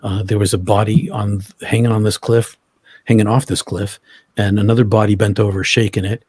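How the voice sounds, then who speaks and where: A man telling his own story as an interview guest, halting, often restarting and repeating words. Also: lowish voice, little pitch movement, a little mellow, breathy edge, no echo, studio quality.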